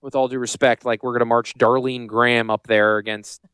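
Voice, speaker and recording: A man's voice: medium pitch, flat delivery, fairly quick, a bit bright, smooth, no room sound. A middle-aged man from Connecticut hosting a radio show, joking and rambling in casual talk. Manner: joking, rambling, self-deprecating. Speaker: radio show host and financial advisor.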